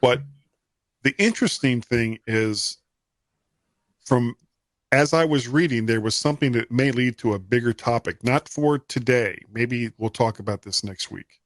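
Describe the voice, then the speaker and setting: A man's voice: mid-range voice, unhurried, no room sound. A man from the US co-hosting a casual tech podcast, laid-back, with dry joking asides. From United States. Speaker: podcast co-host.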